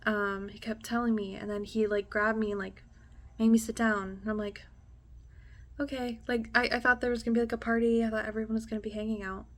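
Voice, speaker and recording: A woman's voice: on the high side, level tone, a little fast. Young woman telling a raw personal story. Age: young adult. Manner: candid and emotional, heavy on "like" and swearing; drops to a hushed near-whisper at intense moments. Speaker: vlogger.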